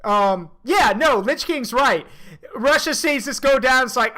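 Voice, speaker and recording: A streamer giving casual reaction commentary, joking and crude, thinking out loud. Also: sits high, animated, a little slow.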